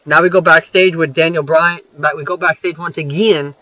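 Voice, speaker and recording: Young guy recapping wrestling, bright pushy voice kinda high, dull dry lofi mic, swears a lot. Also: fairly even intonation, moderate pace, no room sound. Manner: rambling, swears freely, many fillers. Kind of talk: casual recap over gameplay.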